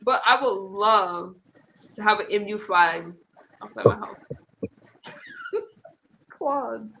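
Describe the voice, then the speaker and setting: Woman stream host, bright-toned, rambling casual chat. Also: mid-range voice, animated, slow, vocal fry, slight background noise, low-quality recording. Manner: chatty, rambling, frequent restarts. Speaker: host of a political commentary stream.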